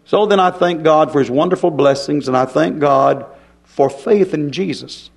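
A man's voice: a little high, moderate pace, gravelly. A middle-aged man, preaching a folksy, emphatic sermon full of rhetorical questions.

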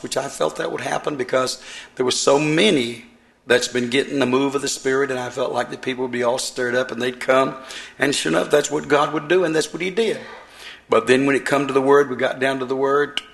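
An older man preaches, his voice sitting at an ordinary middle pitch. He builds fervently, drawing out key words slowly and rising higher and louder at his emphatic points. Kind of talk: Pentecostal-style sermon.

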